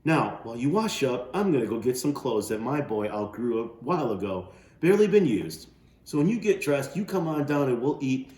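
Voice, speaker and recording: A man's voice: medium pitch, sing-song, brisk, darkish tone, echoey room, voice pushed up, lightly acted. A man reading a novel aloud, voicing a kind middle-aged mother welcoming a boy. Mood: cheerful. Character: kindly middle-aged woman, warm hostess mother.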